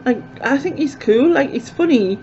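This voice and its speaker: A woman's voice: sits high, lively intonation, moderate pace, darkish tone, a little hiss or hum. A woman chatting casually as a vlogger, rambling with lots of fillers, recorded with dull, lo-fi sound. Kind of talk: casual chat to camera.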